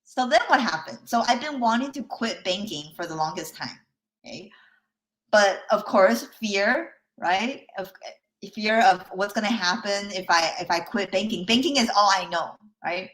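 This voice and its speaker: A woman's voice: medium pitch, normal speed, a bit bright. Chatty woman coach checking in with listeners. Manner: chatty, checks in often with "okay?" and "right?"; laughs lightly between points. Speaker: life coach. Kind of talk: live online workshop talk.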